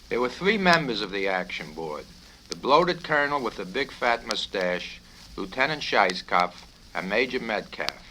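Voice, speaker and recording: A man's voice: fairly low pitch, bright, forceful tone. Man reading his novel, dry and wry. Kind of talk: audiobook reading. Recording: crackly vinyl LP with clicks.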